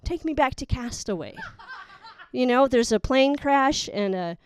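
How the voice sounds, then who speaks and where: High-voiced young woman doing stand-up. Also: expressive, unhurried, a little hiss or hum. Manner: rambling, exasperated, self-mocking. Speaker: stand-up comic. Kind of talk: stand-up comedy set. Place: live studio audience.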